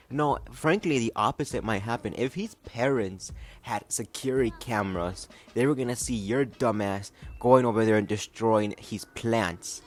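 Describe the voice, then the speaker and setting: A man's voice: medium pitch, moderate pace, darkish tone. A man hosting a reaction video, making mocking, exasperated comments in a casual way.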